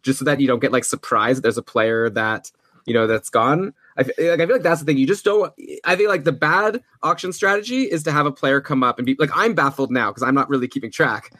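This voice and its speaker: A man's voice: medium pitch, pushed and bright, dry recording. Chatty upbeat man, dry close mic. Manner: chatty, upbeat, quick asides. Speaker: podcast host. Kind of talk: casual commentary on a fantasy hockey draft.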